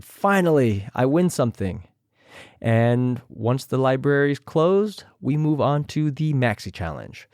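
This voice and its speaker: Casual male podcast host, young, recap delivery, average pitch, dry close sound. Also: a little mellow, dry recording. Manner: chatty, mimics others in a higher voice. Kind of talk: casual recap with imitated quotes.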